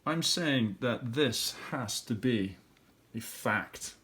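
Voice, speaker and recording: A man's voice: medium pitch, lively intonation, slow, fairly bright tone, a little hiss or hum. A middle-aged man, an elementary school teacher, walking students through a recorded review lesson and thinking aloud step by step.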